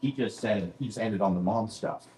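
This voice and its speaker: A man's voice: fairly low pitch, moderate pace, dark tone, roomy sound, a little hiss or hum. A man doing a stand-up set in a comedy club, self-deprecating and rambling into asides, with a Canadian accent.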